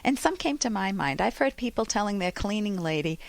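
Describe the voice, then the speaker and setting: A woman's voice: mid-range voice, expressive, brisk, gravelly, dry recording. A woman hosting a radio advice show, talking expressively and acting out the phrases she quotes. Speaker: radio talk show host and psychologist.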